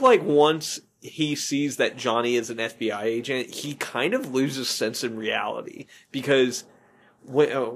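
A man's voice: mid-range voice, fairly bright tone, slight background noise. A man hosting a movie podcast in casual chat, rambling and often correcting himself. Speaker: podcast host.

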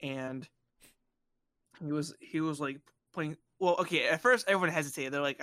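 A man from Bosnia, the podcast host, casually telling a childhood story and acting out the people in it with squeaky voices. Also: brisk, dry recording. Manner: animated, acts out quoted voices in high squeals.

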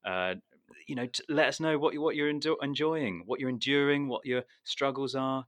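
A man's voice: mid-range voice, moderate pace, a bit bright, dry recording. A man co-hosting a comedy podcast, rambling with lots of stammered restarts. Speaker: podcast co-host.

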